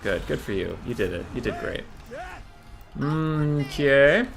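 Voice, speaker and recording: A man's voice: mid-range voice, lively intonation, takes it slowly, vocal fry. A young man commentating his own strategy game match, sarcastic and profane, sometimes breaking into outbursts at his units. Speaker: gamer streamer. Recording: faint game music behind.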